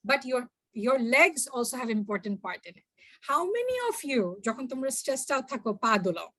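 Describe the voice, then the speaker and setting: A young woman giving a workshop talk, addressing the audience directly in an animated way. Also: on the high side, racing, no room sound. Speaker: workshop speaker. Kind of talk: workshop talk mixing two languages.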